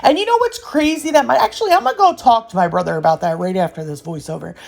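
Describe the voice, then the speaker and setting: A woman's voice: on the high side, fast talker, creaky. A young woman talking casually over her nail art video, rambling and ranting as she tells a story to her viewers. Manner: rambling, ranting storyteller who says "y'all" and "yo". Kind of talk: casual chatty voiceover.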